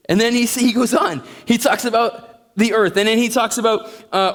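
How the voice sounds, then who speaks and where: A man's voice: high-pitched, expressive, moderate pace. A man teaching a Bible lesson in a conversational, joking way. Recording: echoey hall.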